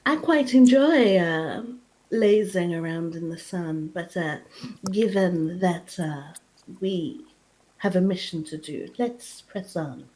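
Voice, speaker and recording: A woman voicing a tall, cat-headed female space warrior who speaks in a slow, measured, composed way. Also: fairly low pitch, a little mellow, low-quality recording.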